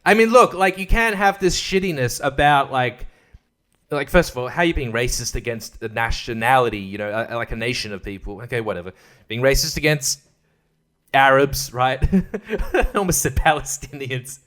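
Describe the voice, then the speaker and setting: A man's voice: medium pitch, moderate pace, fairly bright tone. A man hosting a podcast, ranting in a rambling, crude, comedic way and laughing at his own jokes. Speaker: podcast host. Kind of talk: casual comedic rant.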